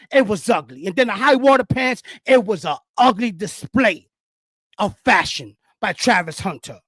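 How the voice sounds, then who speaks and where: A man hosting a show, giving casual, slangy and teasing sports commentary in an animated way. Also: extremely high pitch, no room sound, clean studio sound. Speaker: host.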